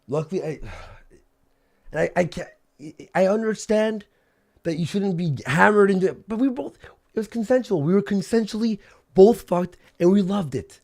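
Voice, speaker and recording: A man's voice: sits high, expressive, normal speed, creaky, a little mellow. A man ranting angrily on a livestream, agitated and swearing, often repeating himself. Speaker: streamer. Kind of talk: angry livestream rant.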